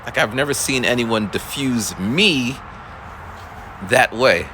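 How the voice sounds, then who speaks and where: A man's voice: medium pitch, slow pace, bright, forceful tone, slight background noise. A male schoolteacher telling a story in a casual, rambling monologue, full of restarts and voiced quotes. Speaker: school teacher.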